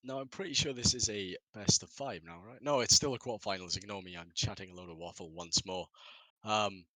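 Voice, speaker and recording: A man's voice: lowish voice, a little fast, a crowd in the background, low-quality recording. A man casting a live esports stream, rambling and laughing at himself. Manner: rambling, self-mocking, laughs often. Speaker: esports caster.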